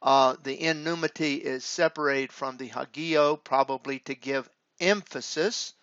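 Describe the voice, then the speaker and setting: A man teaching Greek grammar in a halting, deliberate way, with frequent filler pauses. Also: mid-range voice, fairly bright tone, smooth, dry recording. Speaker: Greek professor. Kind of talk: grammar lecture. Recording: dull lo-fi dry recording.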